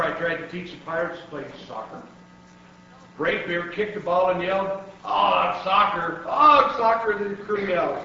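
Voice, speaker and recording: A man reads a children's picture book aloud in an animated way. His voice is high and bright. It is caught from a distance in a very echoey room, sounding dull. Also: slight background noise. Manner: animated storytelling with shouted pirate lines. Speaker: guest reader.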